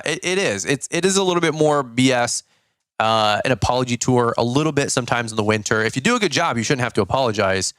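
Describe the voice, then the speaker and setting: A man's voice: medium pitch, fairly bright tone, no room sound. Blunt middle-aged guy rambling about running his crew, lots of ums, dry close sound. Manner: blunt, slangy, rambling with fillers. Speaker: podcast host, lawn care business owner. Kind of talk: casual business talk.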